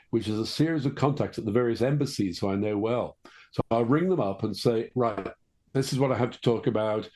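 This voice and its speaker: An older man with a Liverpool accent, a guest author telling stories in a measured, reflective way during an interview. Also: medium pitch, dark tone. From Liverpool, England. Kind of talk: conversational interview.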